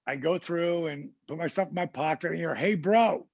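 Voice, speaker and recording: A man from New Jersey, a podcast guest, telling a casual story in an animated way and acting out the people he quotes. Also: fairly high pitch, brisk, no room sound. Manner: animated anecdote teller who acts out the people he quotes.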